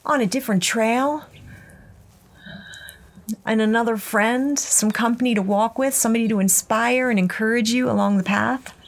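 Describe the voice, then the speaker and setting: A middle-aged woman hosting a walking podcast outdoors, telling a personal story in a gentle, reflective way. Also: a little high, normal speed, creaky. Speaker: podcast host. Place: outdoors on a ranch trail.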